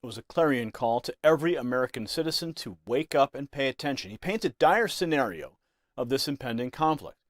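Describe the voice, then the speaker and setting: A man's voice: medium pitch, expressive, fairly quick, dry recording, studio quality. A man presenting scripted news commentary with a dramatic, emphatic delivery.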